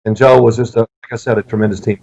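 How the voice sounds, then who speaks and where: A middle-aged man, a former football player, answering interview questions with lively anecdotes. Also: fairly low pitch, fast talker, gravelly. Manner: lively storyteller who acts out quoted people. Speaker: interview guest, former pro quarterback. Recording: dull lo-fi sound.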